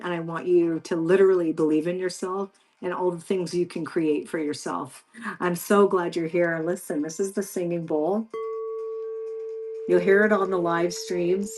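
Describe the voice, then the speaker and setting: A woman's voice: lowish voice, steady tone, measured pace, faint music behind. A woman from Canada, hosting a live stream and chatting casually with viewers in an effusive, encouraging way.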